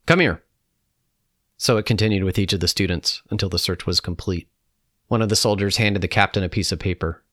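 Man, very low voice, calm measured reading, personal reflection, dry close recording. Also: no room sound. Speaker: narrator.

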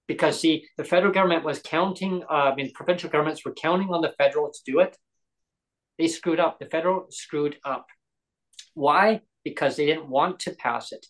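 A man's voice: on the high side, a little fast, fairly bright tone, rough recording. A man hosting a podcast roundtable, speaking emphatically and pleading, repeating words for stress. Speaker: podcast host. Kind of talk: heated podcast discussion.

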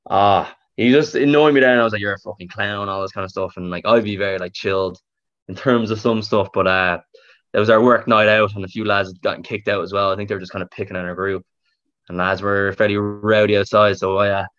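Low-ish voiced guy telling stories, does all the voices, kinda muffled lo-fi audio. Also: quick pace. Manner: animated storyteller, acts out quoted voices. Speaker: podcast guest. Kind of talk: casual chat between old friends. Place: living in California.

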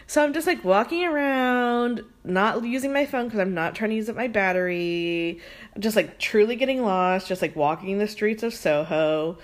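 A young woman hosting a podcast, talking fast and casually, saying "like" constantly and swearing freely. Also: mid-range voice. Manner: fast, chatty, says "like" a lot, swears freely. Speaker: podcast host. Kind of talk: casual chat.

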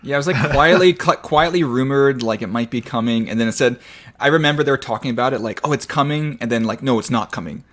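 A man's voice: medium pitch, fast, a bit bright. A man co-hosting a casual tech chat in a coffee shop. He talks in an easygoing way and laughs often. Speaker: co-host.

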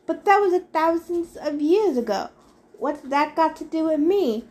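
A woman's voice: high-pitched, lively intonation, unhurried, a little mellow, voice pushed up. A woman voicing a defiant teenage boy hero who pleads and argues urgently, in a storybook reading. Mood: indignant.

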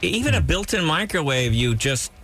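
A man's voice: fairly high pitch, very animated, moderate pace, a bit bright, soft background music. A man on a radio show making wry, teasing interjections in casual banter.

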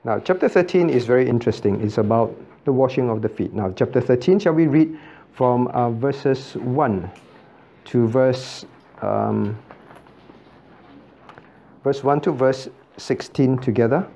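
A man's voice: medium pitch, measured pace, gravelly, mellow. A man, a pastor teaching a Bible study who keeps asking the class questions and repeating key points. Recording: dull lo-fi recording.

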